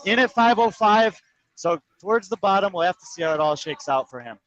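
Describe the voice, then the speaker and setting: A man giving live play-by-play commentary on a fitness competition, calling times and placings in quick, precise detail. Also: sits high, animated, a bit bright, no echo, muffled recording. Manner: rapid, precise, number-heavy calling. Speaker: sports commentator.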